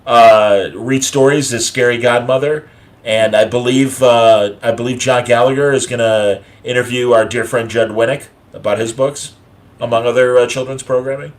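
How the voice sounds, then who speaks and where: A man's voice: medium pitch, steady tone, moderate pace. A man hosting a casual online chat show, rambling through a list with many fillers and restarts. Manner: rambling, filler-heavy listing with frequent uh and restarts. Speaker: podcast host.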